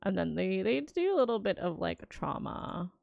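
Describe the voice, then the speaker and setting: A woman's voice: medium pitch, sing-song, moderate pace, vocal fry, dry recording, lo-fi sound. A young adult woman streamer gives a casual, enthusiastic reaction to a games showcase and muses aloud as she goes.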